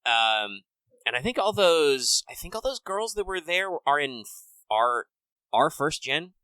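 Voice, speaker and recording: A man co-hosting a podcast, talking in a relaxed, casual way with many fillers. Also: on the high side, measured pace, no echo, rough recording. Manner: relaxed, filler-heavy gamer talk. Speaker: podcast co-host. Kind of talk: casual chat.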